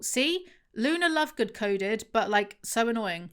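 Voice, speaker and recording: A woman's voice: a little high, lively intonation, unhurried, few pauses, fairly bright tone, smooth. A young woman reviewing a book, reading passages aloud and breaking in with sarcastic, chatty asides to her viewers.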